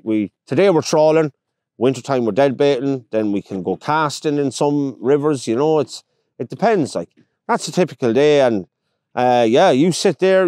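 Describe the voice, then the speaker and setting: A man's voice: mid-range voice, warm tone, dry recording, studio quality. An Irish man from Longford, a pike fishing guide, chatting outdoors on a boat and telling stories in which he acts out the people he quotes. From Ireland, County Longford. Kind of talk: casual interview chat.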